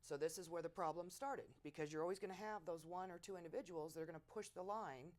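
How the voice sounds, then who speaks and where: A middle-aged woman in an oral history interview, telling war stories in a lively way and acting out quotes loudly. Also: fairly low pitch, fast talker. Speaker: veteran interviewee.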